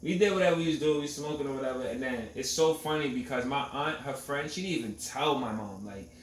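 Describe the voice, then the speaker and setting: A man's voice: mid-range voice, fast talker. A man in his twenties hosting a podcast, telling stories casually in street slang and often asking if you feel him. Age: 20s. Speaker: podcast host. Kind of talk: casual storytelling chat. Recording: roomy echo, distant mic, faint noise.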